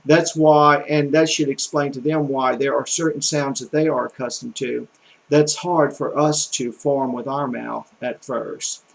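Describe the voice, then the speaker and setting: A man's voice: mid-range voice, steady tone, unhurried, creaky, poor audio. A middle-aged man with a Southern American accent giving a rambling, folksy language lesson full of fillers and restarts. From Southern United States. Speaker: language tutor.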